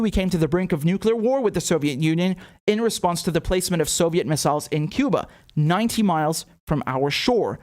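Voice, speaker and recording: An older man giving a formal, prepared political speech. He speaks in a measured, declarative way, setting out his argument point by point. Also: high-pitched.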